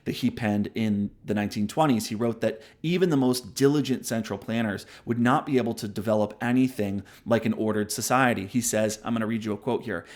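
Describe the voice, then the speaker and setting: A man's voice: lowish voice, fairly quick, hardly any pauses. A man hosting a book review show, explaining ideas in casual spoken commentary, often checking in with "right?" and admitting when he digresses. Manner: conversational, explains ideas with frequent "right?" tags; self-aware digressions.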